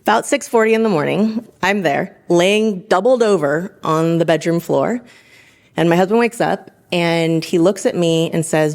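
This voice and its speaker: Animated woman in her thirties telling a story. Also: on the low side, normal speed. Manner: animated, laughs often, acts out quotes. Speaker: physician assistant guest. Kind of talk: personal storytelling.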